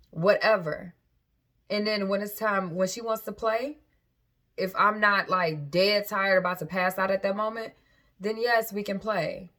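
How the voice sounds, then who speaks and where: A woman talks straight to her viewers as a parent and vlogger. Her voice sits at an ordinary middle pitch, and she speaks candidly and frankly. She keeps stopping to backtrack and start over. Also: a bit bright. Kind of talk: casual talk to camera.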